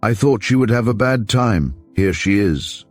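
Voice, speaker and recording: A man's voice: lowish voice, expressive, a little slow, no echo, soft background music, voice pushed up. A man doing a firm, blunt older father. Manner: sharp, emphatic. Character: firm, principled middle-aged man.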